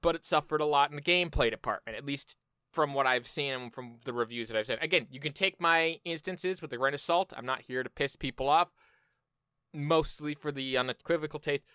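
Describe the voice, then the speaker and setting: Male commentator, loose sarcastic reaction talk; crisp, smooth tone. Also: on the high side, a little fast, sharp tone, no room sound. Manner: loose, profane, sarcastic asides. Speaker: video commentator.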